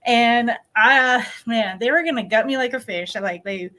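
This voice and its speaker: A woman's voice: fairly high pitch, normal speed, bright, forceful tone. Upbeat laughing middle-aged American woman. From New Mexico, USA. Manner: laughs often while telling hard news, upbeat. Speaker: podcast guest, dirt bike rider. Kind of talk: casual interview storytelling.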